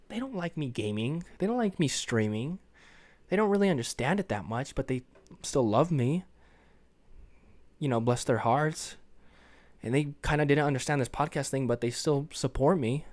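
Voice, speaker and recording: A man's voice: mid-range voice, animated, moderate pace, darkish tone, no echo. A tired young man hosting his own podcast, rambling in casual chat, swearing freely and apologizing for himself. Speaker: podcast host.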